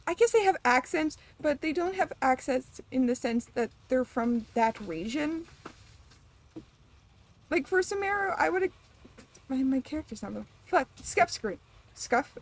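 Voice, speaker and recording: A young woman streams a game while chatting casually, rambling, laughing often and swearing offhandedly. Her voice sits high and is animated, with vocal fry and a moderate pace.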